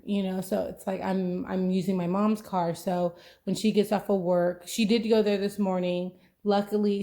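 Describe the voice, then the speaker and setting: A woman's voice: on the low side, dark tone. A young adult woman hosting a podcast, chatting casually in a rambling way, full of "like" and "you know". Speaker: podcast host. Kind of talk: casual chat.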